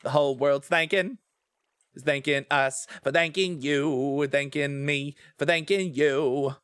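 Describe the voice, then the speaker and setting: Man, game streamer, casual rambling chat, trails off mid-thought, slightly high voice, dry sound. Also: steady tone, a little slow, fairly bright tone, clear, resonant tone, dry recording.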